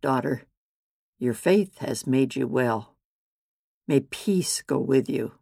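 A woman voicing a calm, authoritative male healer and teacher in a Bible storybook reading, gentle but commanding. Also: very deep voice, takes it slowly, vocal fry, breathy edge, no room sound, studio quality, full character voice.

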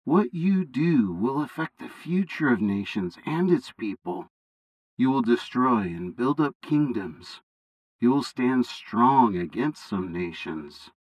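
A man putting on God for a read-aloud bible story, calm, fatherly and commanding. He talks slowly and with steady authority, his phrasing rising and falling widely. The sound is close and dry. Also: medium pitch, dry recording, rough recording. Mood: reassuring.

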